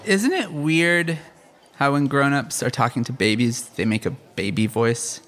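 A man doing a kids' stand-up comedy set in a rambling, halting, self-deprecating way. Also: medium pitch, a bit bright, faint music behind.

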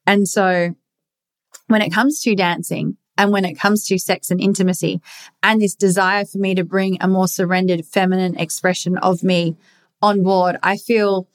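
A woman's voice: mid-range voice, little pitch movement, normal speed. A woman hosting a candid solo podcast, speaking earnestly and emphatically, repeating her key phrases and swearing casually. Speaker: podcast host.

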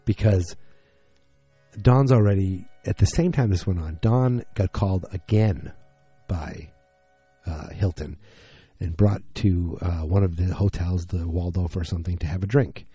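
A tired man casually recapping a TV episode, rambling and acting out the characters' lines in quick bursts. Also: low-pitched, mellow, breathy edge, dry recording, soft background music. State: tired, yawning. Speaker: podcast host recapping a TV episode.

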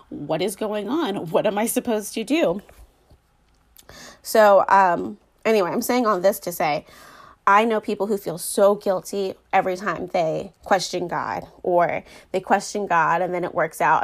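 Earnest woman rambling about faith. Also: lowish voice. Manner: earnest, rambling, many "like" and "um" fillers. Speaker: Christian speaker sharing faith reflections. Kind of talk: casual heartfelt monologue.

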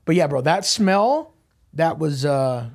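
A man's voice: a little high, lively intonation, takes it slowly, gravelly. A man from Southern California, a crime scene cleaning business owner, telling blunt, profanity-laced stories as a podcast guest. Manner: profane, blunt, swears constantly. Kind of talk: casual podcast storytelling.

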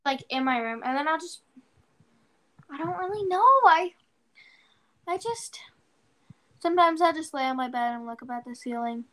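A teenage girl chatting on a podcast with a high, bright voice. She rambles through a story with plenty of "like"s and jumps into her own past exclamations as she tells it. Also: normal speed, pauses often. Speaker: podcast co-host. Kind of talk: casual chat.

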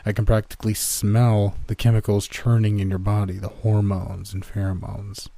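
A man voicing a cold, menacing male secret agent who speaks slowly and threateningly in a story reading. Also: lowish voice, little pitch movement, gravelly, warm tone, no room sound. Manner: slow, threatening, clipped.

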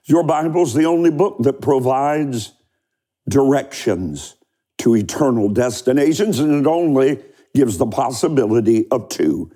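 A man preaching a sermon, fervent and emphatic, who stretches key words out slowly and leads the listeners in prayer. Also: mid-range voice, lively intonation, dark tone. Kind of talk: sermon with altar-call prayer.

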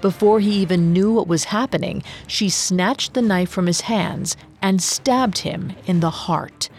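A woman narrating a story in a slow, dramatic storytelling manner. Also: fairly low pitch, darkish tone.

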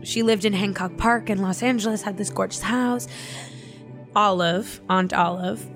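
With faint music in the background, a woman speaks at a mid pitch in a relaxed chat about her family. She's lively, laughs readily and drops swear words throughout her stories.

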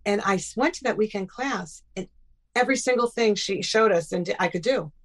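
Appearing as a guest in a relaxed interview, a middle-aged woman with a mid-range voice shares personal stories briskly. Her telling is animated, and she performs the dialogue she quotes.

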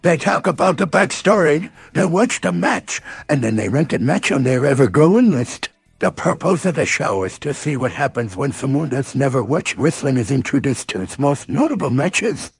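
A man voicing a bouncy robot announcer that sounds like a cartoon tiger, hooting and exaggerated, with a raspy, gravelly voice. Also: a little high, very animated, moderate pace, few pauses, dry recording, soft background music, exaggerated voice. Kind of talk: comedic podcast intro bit.

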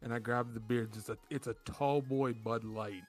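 A man's voice: mid-range voice, steady tone, normal speed, faint music behind. A man co-hosting a podcast, telling party stories in casual chat with a laid-back, swearing manner. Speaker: podcast co-host.

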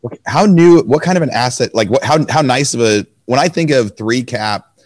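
A man hosting an interview podcast, slightly hoarse, asking enthusiastic, rapid questions. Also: mid-range voice, lively intonation, darkish tone, no room sound. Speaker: podcast host. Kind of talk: conversational interview.

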